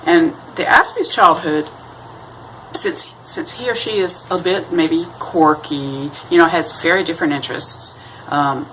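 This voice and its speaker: Low-voiced woman rambling through an explanation. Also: a little slow, noisy background. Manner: rambling, self-deprecating, acts out quoted voices in a high sing-song. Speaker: vlogger. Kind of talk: casual explanatory monologue.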